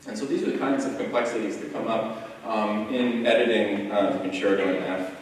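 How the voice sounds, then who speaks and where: A man's voice: on the low side, fairly even intonation, a little fast, background noise. A man on a music panel explaining an edition in a thoughtful lecture style, with many ums and restarts. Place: large echoey hall. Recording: echoey hall recording from far off.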